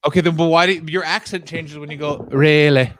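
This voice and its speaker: A man's voice: a little high, fairly even intonation, fast talker, background noise. A man hosting a comedy podcast, playful and quizzing his guest in casual chat. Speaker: podcast host.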